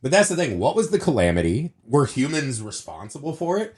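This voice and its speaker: A man's voice: medium pitch, sing-song, a little fast. A man co-hosting a podcast, ranting about a movie in casual, profane chat and sore from surgery wounds. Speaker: podcast co-host.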